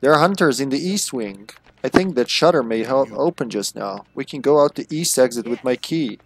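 A man's voice: medium pitch, lively intonation, brisk. Chatty male game streamer. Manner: chatty, laughs often, thinks aloud. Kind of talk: casual co-op gameplay chat.

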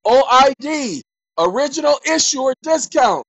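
A fairly high-voiced woman lectures her viewers in a casual, emphatic way. She reads legal definitions aloud and repeats key phrases for stress. Now and then she raises her voice to a near shout. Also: animated, measured pace, lo-fi sound. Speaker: online commentator.

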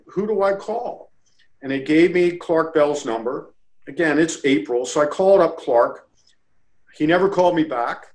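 A man's voice: a little high, rough recording. A man guest in a casual interview, from the Baltimore area, telling a story and acting out quotes. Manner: animated storyteller, acts out quotes. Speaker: interview guest, lacrosse official.

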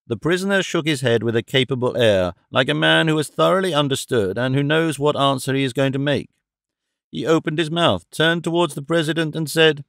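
A male audiobook narrator tells a classic story at a steady pace. His voice is gravelly, with a middle pitch. The recording is close and dry. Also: brisk, no echo. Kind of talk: scripted narration of a classic novel.

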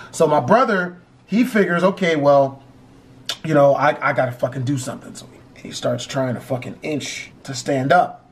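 Male vlogger, storytelling; profanity-heavy, emphatic, with a very animated voice. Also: high-pitched. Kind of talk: story time vlog.

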